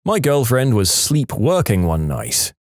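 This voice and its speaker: A man narrating submitted stories for a storytelling channel, with expressive, playful delivery. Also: medium pitch, unhurried, no echo, clean studio sound. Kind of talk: reading submitted stories aloud.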